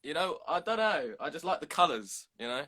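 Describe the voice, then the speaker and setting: A man's voice: a little high, big pitch swings, brisk, sharp tone. A young man joining a live video call, hesitant and shy, with frequent small laughs. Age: young adult. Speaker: caller on a live video chat. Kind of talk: casual chat.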